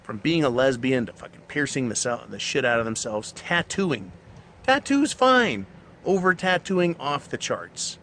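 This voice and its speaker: A man's voice: mid-range voice, animated, normal speed, hardly any pauses, a bit bright, a little hiss or hum. A man hosting his own show, delivering a blunt, profane, mocking monologue. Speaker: show host. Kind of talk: ranting monologue.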